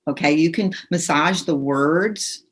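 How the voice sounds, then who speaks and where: Over a video call through her computer's microphone, a woman guides a group in tapping, giving directions and leading lines they say back. She speaks at a measured pace in a deep, husky voice.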